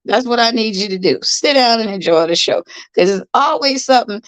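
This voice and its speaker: A woman's voice: fairly high pitch, lively intonation, a little fast, no echo, low-quality recording. A middle-aged woman, hosting a casual livestream from her bed, tired, chatty, repeating herself and greeting viewers by name. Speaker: livestream host. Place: in bed at home.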